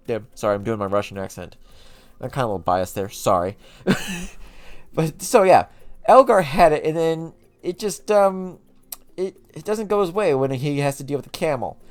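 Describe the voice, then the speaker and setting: A man's voice: mid-range voice, sing-song, normal speed. A man casually recapping show lore as a channel host, chatty and rambling, often correcting himself mid-sentence.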